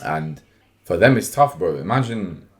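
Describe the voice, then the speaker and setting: A man's voice: low-pitched, unhurried. A young man, co-hosting a casual podcast chat and animatedly telling stories, acting out his mother's lines. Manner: animated storytelling, acts out his mum's lines. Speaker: podcast co-host.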